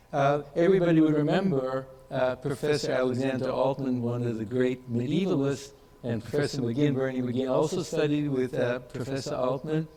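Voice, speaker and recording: A man delivers a reflective conference tribute, often pausing on fillers and restarting phrases. His voice sits at an ordinary middle pitch. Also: low-quality recording. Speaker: conference speaker. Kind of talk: tribute speech.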